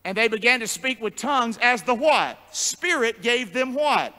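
A male pastor preaching a sermon in call-and-response style, jumping from shouts to low murmurs. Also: animated, moderate pace, few pauses. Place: church sanctuary. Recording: long church hall reverb.

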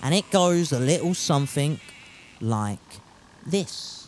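A man's voice: a little high, lively intonation, takes it slowly, darkish tone, slight background noise. A man streaming a survival game, chatting casually, joking, swearing and trying out put-on accents. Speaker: gaming streamer. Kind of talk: casual gameplay commentary.

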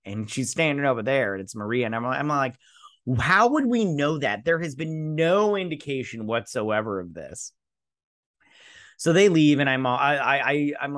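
A man's voice: medium pitch, a bit bright, no room sound, clean studio sound. A man hosting a casual episode recap and review, sarcastic and crude, laughing as he acts out the characters' lines. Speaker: host.

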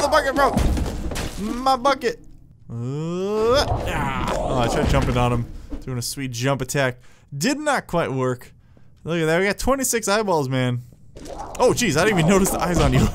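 A man giving excitable, jokey let's play commentary, yelling at enemies as he plays. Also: on the high side. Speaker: gameplay commentator.

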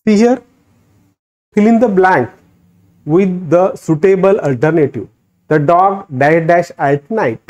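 A man with an Indian English accent teaching a grammar lesson, drilling sentence patterns slowly with rising emphasis. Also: fairly high pitch, dark tone. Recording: dull lo-fi recording.

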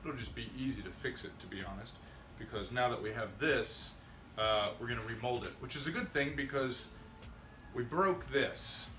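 A man's voice: medium pitch, moderate pace, pushed and bright, slight background noise. A man chatting casually through a workshop tutorial, rambling and self-deprecating. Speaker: maker vlogger. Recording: roomy workshop audio, distant mic, music underneath.

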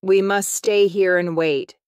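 Clever bossy storybook goat, scolding and urgent, read by a woman in a crisp, dry voice. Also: medium pitch, fairly even intonation, slow pace, a little mellow, no room sound, lightly acted.

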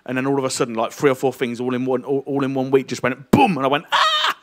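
A middle-aged man preaching a lively, jokey sermon and teasing his congregation. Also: medium pitch, racing. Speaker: pastor. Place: church hall.

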